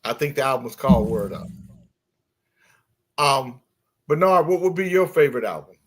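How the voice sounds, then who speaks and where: A man's voice: mid-range voice, moderate pace. A man hosting a casual morning talk show, chatting with his co-hosts and greeting listeners by name. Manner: animated storyteller, shifts voice for quoted characters. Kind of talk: joke telling and casual chat.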